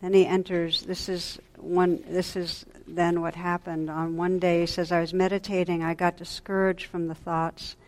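A woman meditation teacher giving a dharma talk at a retreat, speaking gently and reflectively, often dropping to a soft hush, and pausing to restart her sentences. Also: on the low side, level tone. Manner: pauses and restarts mid-sentence.

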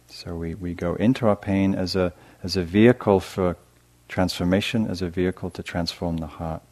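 Soft-spoken deep-voiced meditation teacher. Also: male voice, steady tone, normal speed. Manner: gentle, soft-spoken, hesitant with fillers and restarts. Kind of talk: dharma talk to a live audience.

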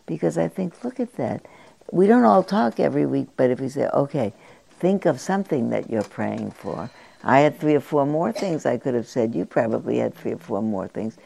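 An older woman gives a dharma talk in a very low, gravelly voice with a mellow, dark tone. She muses gently, pausing often and searching for words. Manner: gentle, musing, with frequent pauses and fillers. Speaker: meditation teacher.

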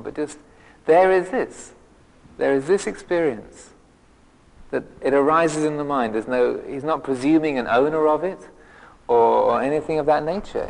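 A man's gravelly voice, at a middle pitch, gives a meandering dharma talk as a monk teacher. He circles back through restarts and filler words and teases himself with dry humor. The sound carries the long reverb of a hall. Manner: rambling, many restarts and fillers, self-mocking humor. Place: monastery meditation hall.

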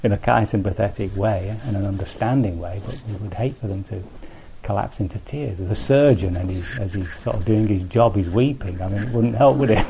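A man's voice: lowish voice, brisk, creaky, hardly any pauses, crowd noise. A man teaching as a Buddhist teacher in a conversational dharma talk, thinking aloud with restarts and frequent asides to his listeners.

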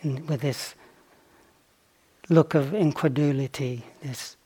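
Slow, reflective male meditation teacher. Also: a little high. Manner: slow, reflective, with pauses and playful asides. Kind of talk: dharma talk on retreat.

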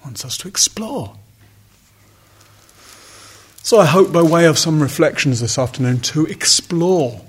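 A man's voice: a little high, animated, unhurried, pauses often, breathy edge. A man giving a reflective, conversational dharma talk as a meditation teacher, with wry asides. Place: retreat center hall.

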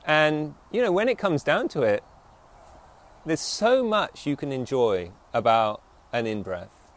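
With a fairly high pitch and lively intonation, a man leads a reflective dharma talk as a meditation teacher. He slows to stress the main phrases and keeps checking in with the people listening.

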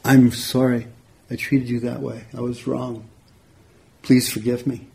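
A man's voice: mid-range voice, level tone, unhurried, creaky, mellow. A man voicing a poor male farmer who is tearful, anguished and pleading. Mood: remorseful. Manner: anguished, accusing, then remorseful.

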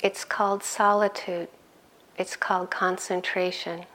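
A middle-aged woman giving a conversational dharma talk as a meditation teacher, laughing often and growing animated in her stories. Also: lowish voice, measured pace.

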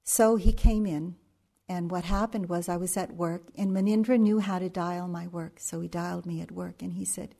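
During a dharma talk, a middle-aged woman meditation teacher tells a story in an unhurried, anecdotal way with frequent pauses and fillers. Her voice is fairly low, mellow, and steady, with vocal fry.

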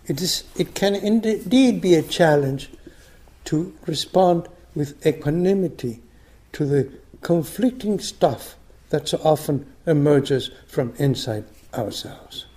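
Soft-spoken older man, slow dharma talk. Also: a little high. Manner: soft, unhurried, phrase ends dropping to a whisper. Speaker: meditation teacher. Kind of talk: dharma talk, reading a story aloud.

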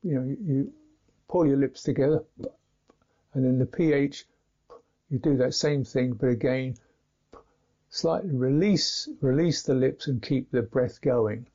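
A man teaching pronunciation in a slow instructional talk, deliberately repeating and demonstrating each consonant sound. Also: medium pitch, dark tone. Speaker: Buddhist meditation teacher. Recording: dull lo-fi recording.

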